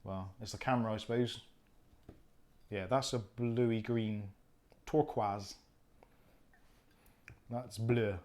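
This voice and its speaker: A man hosting a casual live stream who jokes and thinks out loud while he unpacks gear. He gives blunt, opinionated asides as he goes. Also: fairly low pitch, fairly even intonation, slow, pauses often. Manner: chatty, jokey, thinks aloud while unpacking.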